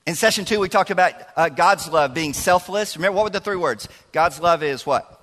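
Lively youth pastor in a big hall. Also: male voice, sits high, fast. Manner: lively, chatty, jokes with the crowd. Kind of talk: sermon. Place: large church hall. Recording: long hall reverb.

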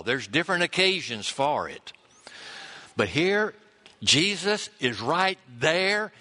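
A man delivers a sermon in an unhurried, deliberate way, letting his words land one by one. His tone is bright and forceful, and he acts out the lines he quotes with lively expression. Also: medium pitch. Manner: expressive preaching, acts out quotes, pauses and chuckles. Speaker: pastor.

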